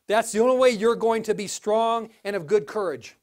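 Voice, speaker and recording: A man preaching a sermon in a church, animated, with sudden rises to exclamations, drops to low asides, and frequent restarts. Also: normal speed, hardly any pauses. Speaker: pastor.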